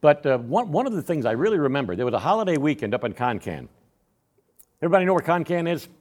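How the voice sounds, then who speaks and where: A man's voice: a little high, quick pace. A man, telling a folksy personal testimony to a Sunday school class. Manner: folksy, animated storyteller with frequent restarts. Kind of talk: storytelling testimony in a church class.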